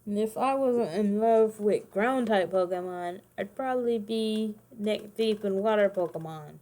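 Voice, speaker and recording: A woman in her thirties talks through a casual livestream in a mellow, warm voice of middling pitch. She rambles, corrects herself mid-sentence and sounds a little tired. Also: measured pace. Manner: rambling, self-correcting, chatty asides. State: tired, yawning. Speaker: streamer making custom cards.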